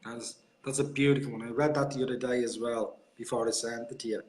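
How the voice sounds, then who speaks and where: A man's voice: mid-range voice, fairly even intonation, quick pace. A man hosting a show, offering short, encouraging comments between poem readings.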